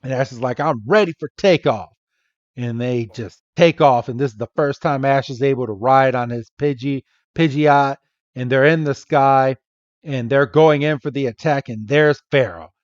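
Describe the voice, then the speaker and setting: A man's voice: medium pitch, steady tone, moderate pace, dry recording, dull audio. A man hosting a podcast, playfully recapping an episode and acting out the characters' lines. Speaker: podcast host.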